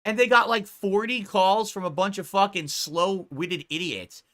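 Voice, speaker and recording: A man's voice: high voice, moderate pace, hardly any pauses, bright, forceful tone. A man live-streaming a reaction, laughing and mocking his critics with plenty of profanity.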